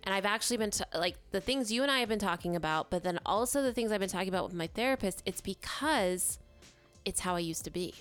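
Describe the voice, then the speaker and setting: A woman in a casual podcast chat, reflective and quick to react with exclamations. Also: medium pitch, expressive, faint music behind.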